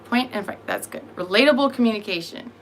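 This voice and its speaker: A woman's voice: mid-range voice, lively intonation, quick pace, a little hiss or hum. A sleepy woman in her thirties, rambling and swearing as she answers her live chat. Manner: rambling, profane, self-deprecating, answering chat. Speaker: vlogger talking to live chat.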